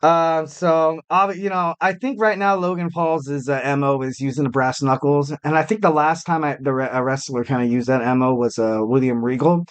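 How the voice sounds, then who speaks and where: Man, podcast host, slightly high voice, casual, rambling, self-deprecating, lots of fillers. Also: fairly even intonation, moderate pace, hardly any pauses, clean tone. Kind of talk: casual solo podcast commentary.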